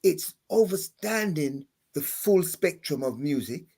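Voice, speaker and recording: A man speaks as a guest pastor in a relaxed panel chat. His voice sits a little high. He stumbles and restarts often, and now and then he sings out a note to make a point. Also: creaky, husky. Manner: halting, many restarts, demonstrates voices and chants. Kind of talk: conversational explanation on a panel.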